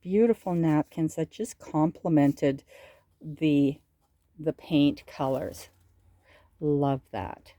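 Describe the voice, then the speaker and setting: A woman's voice: low voice, takes it slowly, warm tone, dry recording. A middle-aged woman chatting casually as she shows off her handmade craft pieces, gushing over how pretty they are. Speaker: crafting vlogger. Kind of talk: casual show-and-tell.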